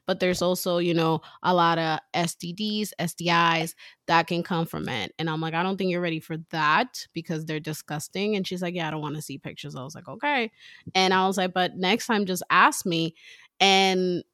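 A woman in her thirties tells a story in casual chat, her voice sitting a little low. She keeps slipping into quoted voices as she goes. The sound is close and dry, with no room around it. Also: moderate pace, dry recording. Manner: chatty, animated storyteller acting out quotes.

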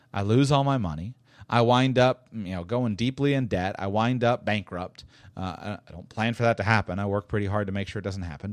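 A man's voice: fairly low pitch, no echo, clean studio sound. Rambling, emphatic male podcast host. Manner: rambling and emphatic, with frequent restarts and repetition; chuckles while making a point. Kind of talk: casual solo podcast talk.

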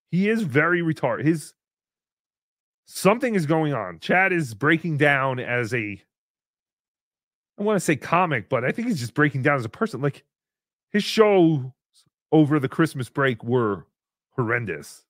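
A male livestream host with a fairly high, very lively voice, ranting and mocking in a casual tone, jumping from shouts to low mutters. His voice sounds close and dry, with no room behind it. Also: unhurried, long pauses, no echo. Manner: mocking, animated, swings between shouting and muttering. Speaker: livestream host reading paid chat messages.

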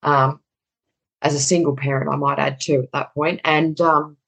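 A woman's voice: deep voice, fairly even intonation, moderate pace, a bit bright, poor audio. A middle-aged woman telling a personal story in conversation, candid and casually swearing, acting out the dialogue.

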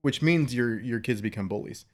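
A man's voice: medium pitch, moderate pace. A man in his thirties hosting a casual podcast chat, rambling through a family story with frequent laughs. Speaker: podcast host, father.

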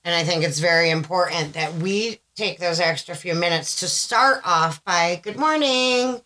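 Animated Southern mom podcaster, bright voice. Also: female voice, lowish voice, moderate pace, poor audio. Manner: animated storyteller, swears, acts out quotes. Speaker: podcast co-host. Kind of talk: casual chat.

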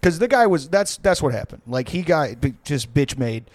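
A man's voice: on the high side, very animated, moderate pace, dry recording. A man telling a story on a podcast, rambling and profane with many fillers. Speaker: podcast co-host. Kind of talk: casual storytelling.

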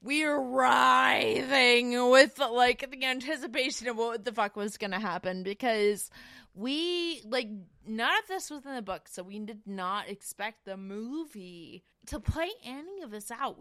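A woman's voice: on the high side, expressive, unhurried, fairly bright tone, dry recording, studio quality. A young woman co-hosting a casual podcast, telling a story with lots of laughter and swearing. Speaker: podcast co-host.

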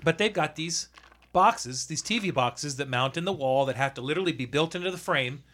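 A construction supervisor, a man with a fairly high-pitched voice, tells a work story in casual chat. He talks in an animated, exasperated way and swears freely as he goes. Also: brisk. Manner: profane, exasperated, animated retelling.

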